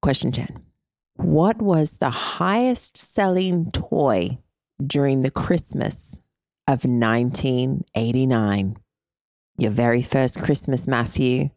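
A woman co-hosting a casual quiz, playful and quick to laugh. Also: extremely low pitch, a little mellow, no room sound, clean studio sound. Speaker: quiz co-host.

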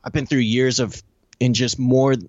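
A man in an interview recounting a personal story, animated and profane, with lots of "you know" and "I'm like". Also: medium pitch, measured pace, dry recording, muffled recording. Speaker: interview guest.

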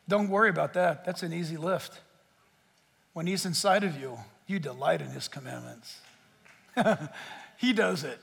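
A man preaching a sermon as a pastor, in an animated, joking way that speaks straight to the crowd. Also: high-pitched, normal speed, vocal fry. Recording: long hall reverb.

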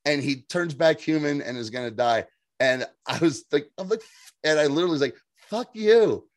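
A man's voice: on the high side, no echo. Dry-sounding man recapping an episode animatedly. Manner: animated, profane, laughing, slips into quick voiced impressions. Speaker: podcast co-host. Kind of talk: casual episode recap chat.

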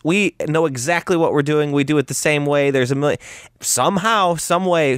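A man's voice: a little high, no echo, clean studio sound. A man co-hosting a podcast, telling stories animatedly, quoting people in exaggerated voices, laughing and swearing. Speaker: podcast co-host, wrestling promoter. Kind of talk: casual chat.

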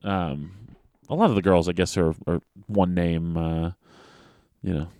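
A man's voice: sits low, fairly even intonation, measured pace, warm tone, dry recording, clean studio sound. A man co-hosting a podcast in casual chat, rambling and restarting his phrases with emphatic stresses. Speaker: wrestling podcast co-host.

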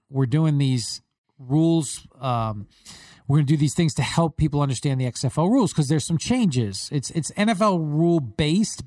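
A man's voice: mid-range voice, no echo, studio quality. A man from Long Island with a New York accent, a podcast host chatting casually and telling stories with emphasis. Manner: lively storyteller, emphatic. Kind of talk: casual chat.

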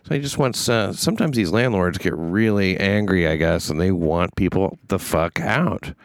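A man hosting a casual chat, wry and deadpan, reading news stories aloud. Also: sits low, normal speed, no echo. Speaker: podcast host.

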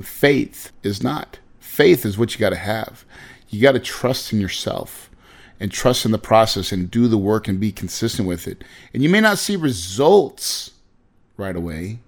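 A man's voice: medium pitch, a little mellow. A man in his forties giving an earnest, emphatic motivational talk to his listeners. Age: 40s. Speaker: real estate investor speaker.

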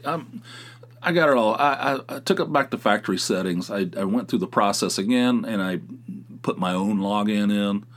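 A middle-aged man hosting his podcast from his home office, chatting casually in a rambling, self-mocking way and swearing freely. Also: mid-range voice. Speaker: podcast host. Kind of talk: casual solo chat.

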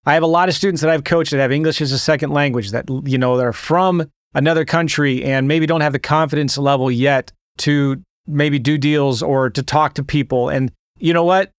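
A man hosting a podcast, opening the episode with an energetic monologue full of rhetorical questions to his listeners. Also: on the high side, fairly quick, few pauses, dry recording, studio quality. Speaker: podcast host.

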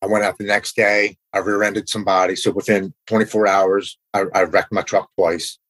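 A man with a low, husky voice recounts a personal story. He speaks in an earnest, unpolished way, halting and repeating words as he goes. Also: little pitch movement, a bit bright, poor audio.

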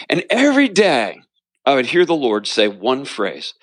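A man's voice: mid-range voice, wildly swooping pitch, a little slow, a bit bright, dry recording. A man, a pastor, telling his story in an interview, with an earnest preaching cadence and repeated phrases. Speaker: pastor and author.

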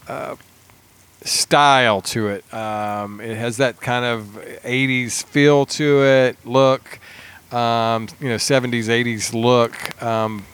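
A man co-hosting a podcast, chatting casually about films and shows with many pauses and restarts. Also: mid-range voice, clean tone. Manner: relaxed, halting, many ums and restarts. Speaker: podcast co-host.

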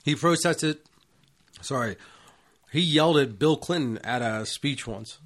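A man chatting as a podcast co-host, telling crude stories with plenty of swearing and laughter, still a little hoarse after losing his voice. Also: mid-range voice, unhurried, no echo. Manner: profane, laughing, animated storytelling. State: recovering from a hoarse voice. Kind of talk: crude casual banter.

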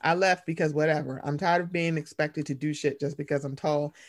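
A young woman co-hosting a podcast in casual chat. She rambles, reads a story aloud, and does high-pitched impressions of her mother. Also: steady tone, fairly quick. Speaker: podcast co-host.

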